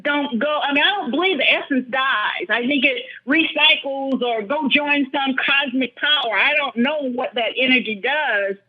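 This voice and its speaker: High-voiced older woman telling a story. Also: normal speed, few pauses. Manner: thoughtful, earnest, speaks with feeling. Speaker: interview guest. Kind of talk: reflective personal storytelling. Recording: dull lo-fi recording.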